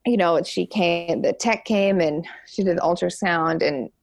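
A young woman, an interview guest, telling a personal story candidly and frankly, halting often with fillers. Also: lowish voice, dry recording. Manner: frank and open.

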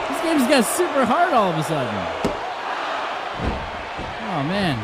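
A man streaming a wrestling video game, reacting loudly and swearing casually as he calls the moves. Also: extremely high pitch, huge pitch swings, unhurried, long pauses, very noisy. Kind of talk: excited gameplay commentary. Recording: game crowd and sound effects loud behind the voice. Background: loud wrestling game crowd and impacts.

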